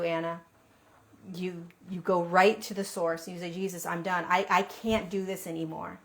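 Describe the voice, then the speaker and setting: A woman speaking earnestly and conversationally, telling a personal spiritual testimony and addressing a listener directly. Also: medium pitch.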